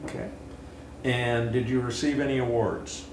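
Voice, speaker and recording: A man in his seventies, hosting an interview and telling his own story in an earnest, halting way with frequent restarts. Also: mid-range voice, little pitch movement. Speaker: interview host and Vietnam veteran. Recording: roomy with faint hiss.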